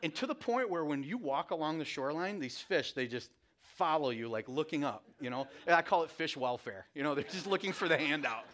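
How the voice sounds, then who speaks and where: A man's voice: on the high side, lively intonation, fairly quick, fairly bright tone. Chatty man preaching a casual sermon. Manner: conversational, rambling, self-deprecating, with many restarts. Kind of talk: casual sermon with family stories.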